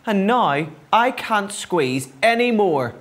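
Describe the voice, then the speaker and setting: A man voicing a fussy, cross hen who complains in a shrill voice. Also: a little slow, a bit bright. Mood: indignant.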